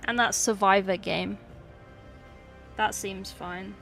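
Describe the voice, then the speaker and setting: A woman's voice: medium pitch, fairly even intonation, takes it slowly, creaky, fairly bright tone. Wry chatty English streamer woman. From England. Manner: chatty, wry, talks to chat while working. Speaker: streamer painting miniatures. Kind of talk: casual livestream chat. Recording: faint music behind.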